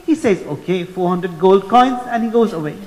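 A man's voice: sits high, normal speed, darkish tone. A man delivering an impassioned religious sermon, telling a story and voicing the people in it. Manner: impassioned, voices the quoted figures in turn. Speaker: preacher. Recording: long hall reverb.

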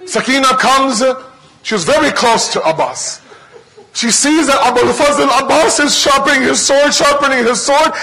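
An impassioned male preacher retells a sacred story with dramatic repetition. His voice sits high and rings bright and forward. He builds each scene with fervour. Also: rough recording. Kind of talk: emotional storytelling sermon.

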